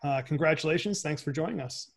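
A man hosting a show, presenting in a smooth, upbeat way. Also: a little high, quick pace. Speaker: show host.

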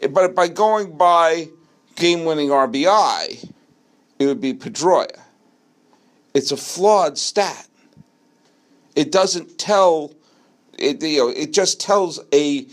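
A middle-aged man hosts a solo sports talk show, arguing his case with animated conviction. His voice sits a bit high for a man. He talks at an unhurried, deliberate pace and drags out words for emphasis. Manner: animated, argumentative, slows down for emphasis. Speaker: podcast host. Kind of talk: solo sports talk, answering a listener question.

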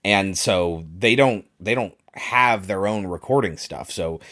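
A man's voice: on the low side, unhurried, a bit bright. A man co-hosting a casual podcast chat, wryly breaking down a film's flaws and often laughing. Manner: wry, explanatory, laughs often. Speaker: podcast co-host. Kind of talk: casual chat reviewing a film.

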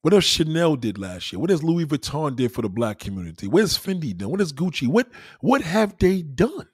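A man's voice: a little high, sing-song, a little fast, slightly rough, no room sound, clean studio sound. A man delivering a profane, emphatic ranting monologue full of rhetorical questions, talking to a livestream audience.

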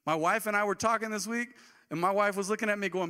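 A man in his forties preaches a sermon from the pulpit, mixing jokes and casual asides with sudden bursts of emphasis. His voice is bright and sits a bit high. The sound carries the long echo of a church hall. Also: fast, clean tone. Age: 40s. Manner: conversational, joking, with bursts of emphasis. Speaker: pastor.

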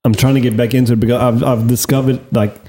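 A man's voice: medium pitch, flat delivery, fast talker, warm tone. A man co-hosting a podcast, chatting in an easygoing, musing way. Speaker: podcast co-host. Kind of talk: casual chat. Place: podcast studio set with lights.

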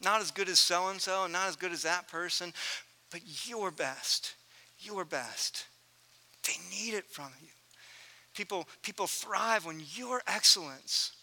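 A man in his thirties preaching a sermon, telling a family story earnestly and swinging from loud to hushed. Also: high-pitched, a little slow. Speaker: pastor.

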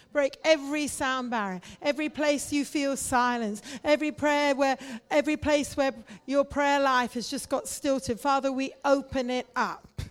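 A woman's voice: high-pitched, steady tone, moderate pace, hardly any pauses. Fervent woman leading church prayer. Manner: fervent, rising to loud exhortation, speaks in tongues. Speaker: prayer leader.

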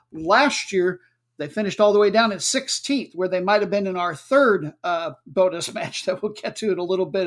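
A man hosting a podcast in a casual, jokey, chatty way, with filler words. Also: high voice. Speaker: podcast host. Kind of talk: casual chat.

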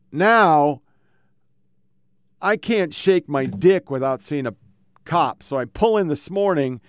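Profane rambling man, smooth voice. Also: high voice, dry recording. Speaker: podcast host. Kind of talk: casual rambling monologue. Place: home computer setup. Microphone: own microphone.

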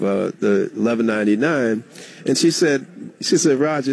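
A middle-aged man, a former state legislator, telling a story as a guest in a radio interview. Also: mid-range voice. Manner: animated storyteller, acts out quoted dialogue.

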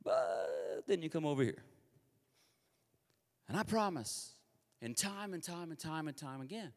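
A man from Kansas delivers a sermon in a fairly high voice that swoops up and down with energy. He talks conversationally and confessionally, as if leveling with the crowd, and his voice rings out with a long reverb tail in a large hall. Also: lively intonation, moderate pace, a little mellow. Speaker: preacher.

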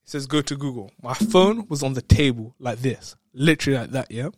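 A man telling a story in casual chat, excitable, laughing often and repeating words. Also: mid-range voice, a little fast, no echo, clean studio sound.

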